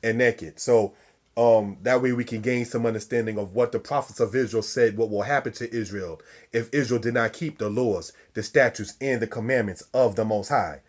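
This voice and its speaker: A man's voice: medium pitch, normal speed. Man teaching a scripture lesson. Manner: preacherly, repeats and stresses key words; addresses listeners as brothers and sisters. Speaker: religious teacher.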